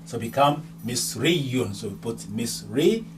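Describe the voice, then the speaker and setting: A man's voice: mid-range voice, expressive, takes it slowly. A man teaching a grammar lesson step by step, patiently repeating each word and ending, with a faint hum behind him. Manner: patient, repeats words and endings many times. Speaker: language teacher. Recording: distant mic, faint hum.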